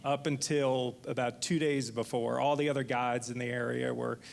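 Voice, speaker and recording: A man in his forties, a fishing guide on a panel, telling a lively anecdote full of restarts. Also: medium pitch, moderate pace, gravelly, a little hiss or hum. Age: 40s. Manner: rambling, lively retelling with frequent restarts. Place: indoor event venue.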